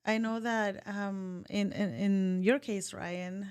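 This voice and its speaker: A woman's voice: mid-range voice, fairly even intonation, slow, a little mellow, clean tone. A woman co-hosting a podcast, speaking in an open, thoughtful way and sometimes searching for her words. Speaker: podcast co-host. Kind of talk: casual conversation.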